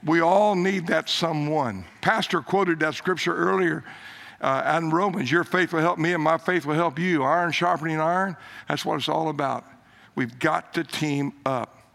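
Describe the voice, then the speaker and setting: An older man preaches a sermon as a story. His voice sits high and bright, climbing on emphatic lines and dropping low and soft when he quotes others. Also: normal speed, creaky.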